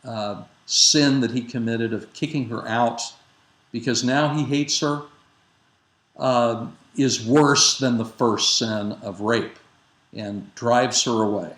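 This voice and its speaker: A man giving a lecture that retells a biblical narrative. He speaks in a measured way, with frequent fillers and self-corrections. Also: medium pitch, steady tone, fairly bright tone. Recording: roomy echo with faint background noise.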